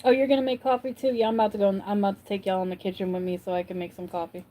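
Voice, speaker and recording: A woman's voice: mid-range voice, level tone, racing, dark tone. A woman from upstate New York hosting a casual livestream, chatting and answering viewers' comments as she goes. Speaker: livestream host.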